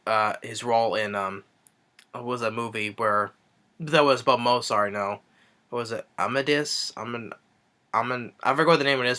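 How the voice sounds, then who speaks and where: A man with a bright, forward voice talks through a film's plot in a loose, casual review. He rambles eagerly, doubling back on words and piling up fillers as he recounts the scenes. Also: medium pitch. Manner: rambling, eager retelling with many restarts and fillers. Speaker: movie reviewer. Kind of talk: casual spoken movie review.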